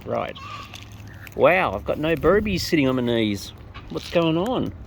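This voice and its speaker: A woman's voice: sits low, very animated, measured pace, vocal fry. A woman chatting playfully to wild birds in a coaxing, babyish tone while feeding them outdoors, recorded on a hand-held phone. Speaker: bird-feeding vlogger. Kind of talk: casual talk to wild birds. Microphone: phone held close. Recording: outdoor phone recording, loud bird noise.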